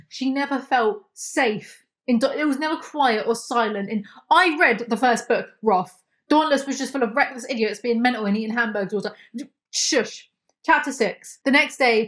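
A young British woman with a sarcastic, joking manner, recapping a novel aloud and mocking it with swears and asides. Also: mid-range voice. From United Kingdom. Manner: sarcastic, swears, mock voices and laughs. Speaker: book review YouTuber. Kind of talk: comedic book recap, reading aloud.

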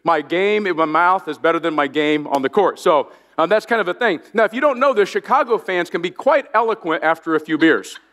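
Man, pastor, high voice, storytelling sermon, self-deprecating, long church reverb. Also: expressive, a little fast, hardly any pauses, a bit bright. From Indiana. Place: large church auditorium.

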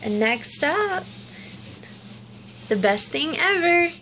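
High-voiced, gushing woman. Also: big pitch swings, slow pace, sharp tone, a little hiss or hum. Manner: gushing and cooing, repeats exclamations. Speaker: vlogger unboxing a doll. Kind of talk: casual unboxing commentary.

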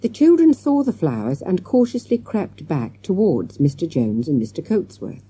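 Dark, husky-voiced female audiobook narrator. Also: low-pitched, animated, moderate pace, no echo. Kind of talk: storybook narration.

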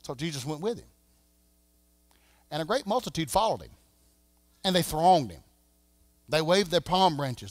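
A Southern man preaching a sermon as pastor, swinging from shouting to a hush. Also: on the high side, big pitch swings, moderate pace, pauses often, no room sound. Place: church sanctuary.

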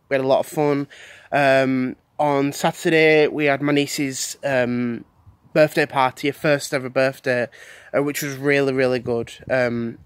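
A young man, chatting casually on his video channel, rambling with many fillers and repeated words. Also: medium pitch. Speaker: vlogger.

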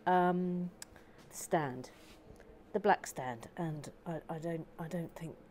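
A woman's voice: low-pitched, slow pace, darkish tone, slight background noise. A woman hosting a casual building vlog, chatty and self-deprecating, with frequent stammers. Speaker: host.

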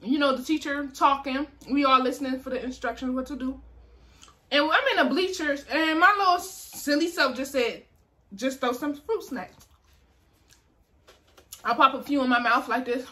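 A young woman vlogger telling a story in casual chat, animated and acting out the people in it. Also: sits high, a little fast. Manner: animated, acts out voices in her story.

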